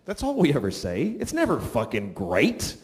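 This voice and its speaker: A man's voice: medium pitch, wildly swooping pitch, moderate pace, darkish tone, breathy edge. A man doing a crude, ranting stand-up comedy set.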